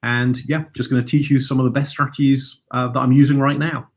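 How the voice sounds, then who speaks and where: Trading coach guy on a video call, kinda halting, keeps repeating himself. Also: medium pitch, little pitch movement. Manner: hesitant, repeats words. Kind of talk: casual interview over video call.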